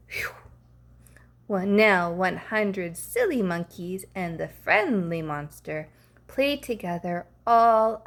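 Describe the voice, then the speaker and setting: A woman reading a picture book aloud, playful and expressive, dropping to hushes for effect. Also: medium pitch. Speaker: storybook reader.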